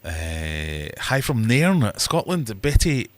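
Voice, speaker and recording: A man's voice: on the low side, very animated, slow pace, no room sound. A middle-aged man hosting a casual livestream chat, rambling jokily with self-mocking asides and acting out other people's voices. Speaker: livestream host.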